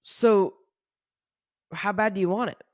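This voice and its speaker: A woman giving a channeled energy reading straight to the viewer, animated and encouraging, acting out her own inner questions, with mild casual swearing. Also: mid-range voice, takes it slowly, no room sound, clean studio sound. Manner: animated, pep-talk delivery. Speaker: intuitive reader.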